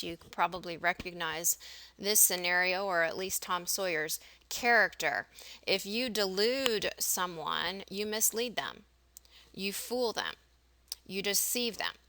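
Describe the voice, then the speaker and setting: Bright-voiced woman teaching vocabulary. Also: fairly low pitch, no echo. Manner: explains words with everyday examples. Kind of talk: recorded vocabulary lesson.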